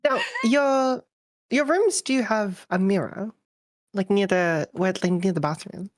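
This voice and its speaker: Relaxed woman game master. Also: medium pitch, a little slow. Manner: relaxed, loose describing. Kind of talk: narrating a tabletop game.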